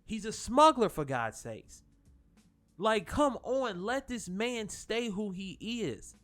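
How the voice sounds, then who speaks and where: A man's voice: high-pitched, very animated, slow, a bit bright, faint music behind. A man giving a casual spoken film review, rambling and profane, with frequent fillers and restarts. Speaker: channel host reviewing a film.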